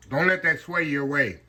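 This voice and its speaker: A man's voice: a little high, bright, forceful tone. A man hosting a casual home cooking vlog, folksy and chatty, calling his viewers y'all. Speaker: cooking vlogger.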